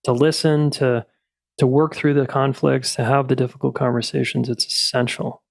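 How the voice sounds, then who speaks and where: A man's voice: mid-range voice, steady tone, moderate pace, gravelly, no echo, clean studio sound. A man hosting a podcast, easygoing and affirming, with many "uh" fillers. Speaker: podcast host. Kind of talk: podcast interview and outro.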